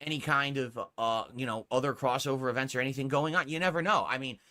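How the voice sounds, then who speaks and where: A man's voice: medium pitch, quick pace, sharp tone. A male streamer talking to his viewers, rambling and hedging, pleading for support.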